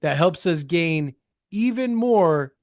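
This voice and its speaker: A man's voice: on the high side, lively intonation, takes it slowly, darkish tone, no echo, studio quality. A man co-hosting a comedic wrestling podcast, playing up words with mock-grand, hammy emphasis. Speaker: co-host.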